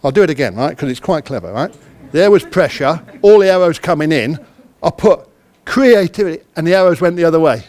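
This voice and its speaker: A man from the United Kingdom speaks to a conference hall in an interactive talk, his darkish voice sitting slightly high for a man. He's expressive and a little fast, chatty and self-deprecating, and constantly asks the audience questions.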